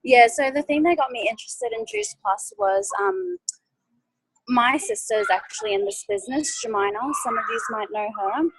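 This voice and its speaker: A woman's voice: high voice, sing-song, normal speed, background noise. Nervous, hesitant woman on a video call. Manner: hesitant, many ums and likes. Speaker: guest speaker. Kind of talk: nervous testimonial.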